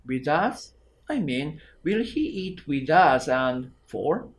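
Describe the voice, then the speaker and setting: A man voicing a grieving young child in a slow, careful read-aloud of a story passage. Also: a little high, sing-song, full character voice. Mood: upset.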